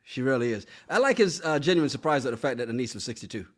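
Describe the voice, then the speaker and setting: A man's voice: medium pitch, expressive, fast talker. A man co-hosting a casual podcast, reading live chat comments aloud and laughing often. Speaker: podcast co-host.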